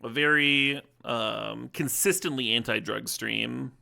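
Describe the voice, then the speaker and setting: A man's voice: mid-range voice, slow pace, creaky, sharp tone. A man streaming a card-game draft, chatting casually and telling rambling, joking stories to his viewers. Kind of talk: casual live-stream commentary.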